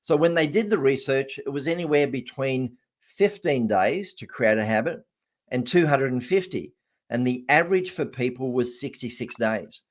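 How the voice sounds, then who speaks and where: A man's voice: medium pitch, lively intonation, moderate pace. A man, a success coach, chatting as a guest in an online interview and telling stories. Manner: chatty, storytelling, repeats words.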